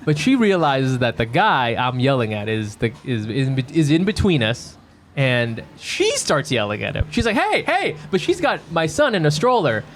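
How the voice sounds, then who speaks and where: A man co-hosting a podcast from a home bedroom, chatting casually and telling a story with lively, acted-out bits. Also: mid-range voice, moderate pace, a little hiss or hum. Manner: animated storyteller who acts out his own yelling. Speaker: podcast co-host. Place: home bedroom used as a quiet room.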